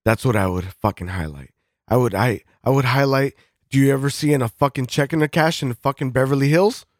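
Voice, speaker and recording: A man's voice: medium pitch, fairly quick, dry recording, clean studio sound. A man co-hosting a podcast, ranting in casual chat, swearing constantly and restarting his sentences. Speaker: podcast co-host. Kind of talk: casual profane rant.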